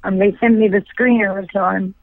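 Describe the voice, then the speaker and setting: A woman in her thirties, a guest actress, telling stories in a quick, chatty way full of fillers. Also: mid-range voice, fairly even intonation. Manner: chatty, fast, filler-heavy storytelling with frequent likes. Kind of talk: casual interview chat. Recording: dry tinny phone line.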